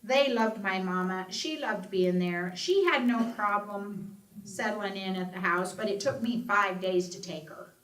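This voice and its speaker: At medium pitch and a measured pace, a middle-aged woman who campaigns on Alzheimer's tells a personal story to an audience, taking on the voices of those involved. She tells it expressively, raising her voice for quotes. Faint ambience and echo suggest a distant mic in a reverberant room.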